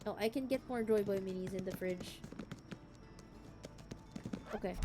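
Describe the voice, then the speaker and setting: A young woman from the Philippines streaming a game, chatting casually in a deliberately cute, girlish voice. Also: medium pitch, mellow, faint music behind. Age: young adult. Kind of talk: casual gameplay chat.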